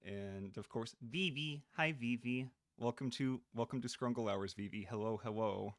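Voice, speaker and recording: A man live-streaming a video game in casual chat, goofy and excitable, swearing and greeting his chat by name. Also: medium pitch, normal speed, no echo, clean studio sound. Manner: goofy, excitable, swears, drops into silly voices.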